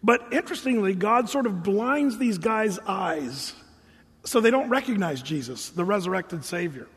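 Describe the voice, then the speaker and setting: A man's voice: high voice, normal speed, slightly rough. A man preaching a sermon, telling stories casually and acting out the voices of the people in them. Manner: casual, animated storytelling with voiced quotes. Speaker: pastor. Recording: reverberant hall.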